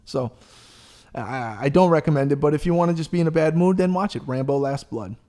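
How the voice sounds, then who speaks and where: A male podcast host with a voice pitched a little higher than most men's. He talks in loose, casual chat, rambling through his story with plenty of swearing and lively, animated delivery. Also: a little fast.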